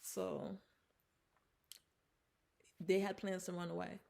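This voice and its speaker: A woman's voice: lowish voice, flat delivery, slow, creaky, mellow. A woman retelling a film's plot in a casual vlog, chatty, with fillers and restarts, acting out the characters' lines. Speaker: film reviewer. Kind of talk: casual film recap vlog.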